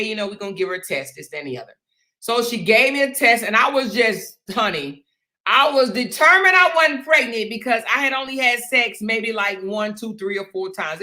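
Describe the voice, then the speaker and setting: Bright-voiced woman telling a story. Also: mid-range voice. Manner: animated, addresses listeners as "y'all" and "honey". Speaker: show host. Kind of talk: casual storytelling to viewers.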